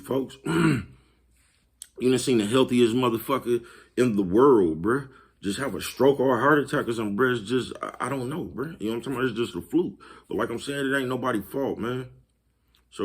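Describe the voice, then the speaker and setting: A man, talking casually to his viewers, laid-back and repetitive, laughing at his own jokes. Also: low voice. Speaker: vlogger. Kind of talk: casual monologue to camera.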